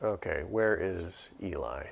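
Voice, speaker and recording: Gravelly-voiced man narrating gameplay. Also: low voice, lively intonation, slow pace. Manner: muttering, reading quest text aloud. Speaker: game streamer. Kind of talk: casual gameplay commentary. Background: faint music.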